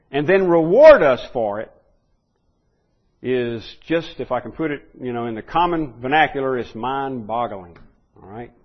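A man delivers a conversational sermon in a lo-fi recording that sounds muffled. He repeats words as he gathers his thoughts and drops into quiet asides. On the key points his voice climbs and swells into loud emphasis. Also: mid-range voice, husky. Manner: rambling, repeats words, swings from soft asides to emphatic peaks. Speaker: preacher teaching a Bible study.

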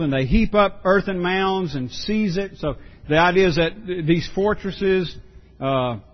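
A pastor preaching a sermon, earnest and emphatic, often repeating words for stress. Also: male voice, sits high, highs cut off.

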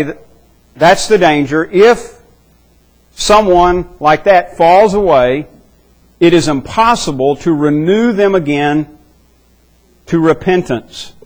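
A man preaching a verse-by-verse sermon. His voice sits fairly high for a man. He is earnest and emphatic, and he stresses key words and circles back over his phrasing. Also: low-quality recording. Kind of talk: expository sermon.

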